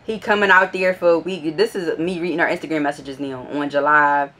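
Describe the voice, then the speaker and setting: Young woman, lowish voice, casual storytime vlog, blunt, swears freely. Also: a little fast. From Philadelphia. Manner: blunt and profane, gets animated and higher when annoyed. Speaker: vlogger. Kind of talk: casual storytime, reading out old messages.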